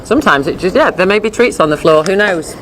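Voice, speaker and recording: A woman teaching a dog behavior class in a chatty, animated way, often acting out voices. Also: on the low side, quick pace, a little hiss or hum. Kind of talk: informal lecture with slides.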